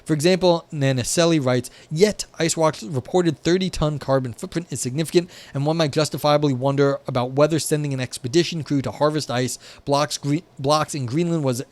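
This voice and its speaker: A young man on a live stream reads philosophy aloud from an indoor desk near a window, reacting with wry, profane asides full of "like" and restarts. His voice is on the high side, and he speaks fairly quickly with hardly any pauses.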